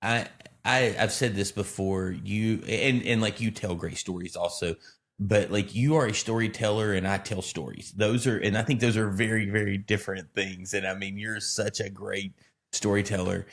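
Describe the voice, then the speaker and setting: An Alabama pastor who co-hosts a podcast speaks in a lowish voice at normal speed. In casual conversation he rambles and tells animated stories laced with self-deprecating humor.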